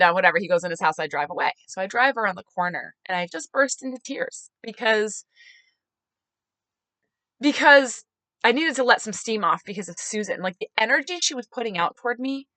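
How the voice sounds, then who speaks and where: A woman's voice: mid-range voice, sharp tone, no room sound. A woman hosting a podcast, telling a personal story in an emphatic, chatty way with lots of filler words. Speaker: podcast host and mayoral candidate.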